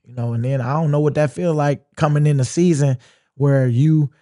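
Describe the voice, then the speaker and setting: A man with a mellow, dark voice gives an unhurried sit-down interview about his playing career. He talks in a relaxed, drawling way and slips into quoting his own thoughts mid-story. His tone stays reflective throughout. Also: fairly high pitch. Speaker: interview guest, pro football player.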